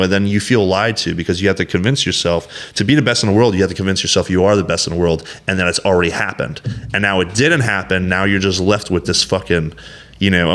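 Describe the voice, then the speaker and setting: He has a low-pitched, fairly bright voice. A competitive bodybuilder on a candid interview, he rambles through blunt, profanity-heavy stories, performs quoted lines, and leans hard on "you know" and "like."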